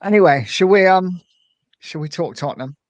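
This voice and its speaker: A man's voice: high-pitched, normal speed, dry recording, highs cut off. A middle-aged man hosting a casual football podcast, talking in a friendly way and steering the conversation. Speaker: host.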